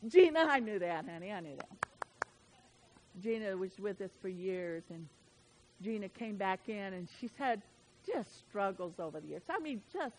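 A woman preaching a sermon in a folksy, emphatic way, swinging from loud declarations to soft asides. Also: medium pitch, sing-song, moderate pace, slight background noise, rough recording.

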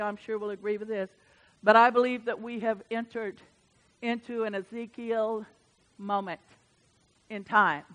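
A woman preaching a sermon in church. She swings from hushed asides to loud, emphatic bursts. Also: fairly high pitch. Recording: reverberant church hall.

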